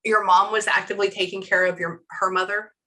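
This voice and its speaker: Bright, animated woman medium. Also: medium pitch, fairly quick, low-quality recording. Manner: animated, breathless storytelling with many quotes. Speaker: psychic medium. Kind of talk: reading for a client.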